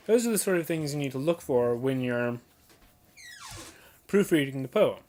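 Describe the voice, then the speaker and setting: A young adult explaining how to read poetry aloud, pointing out pauses and emphasis as clips play. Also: medium pitch, animated, a little mellow, a little hiss or hum. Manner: points out details, emphasizes and repeats examples. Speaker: teacher explaining poetry reading. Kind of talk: casual spoken lesson.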